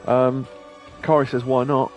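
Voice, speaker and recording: A man's voice: medium pitch, little pitch movement, measured pace, faint music behind. A man hosting a game stream, commenting in a chatty, rambling way, laughing often and occasionally swearing. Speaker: streamer host. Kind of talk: let's play commentary.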